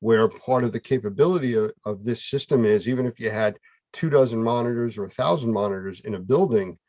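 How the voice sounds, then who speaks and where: A man's voice: mid-range voice, a little fast, darkish tone, no echo, highs cut off. A man hosting a casual chat, talking in a conversational, explanatory way. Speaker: host.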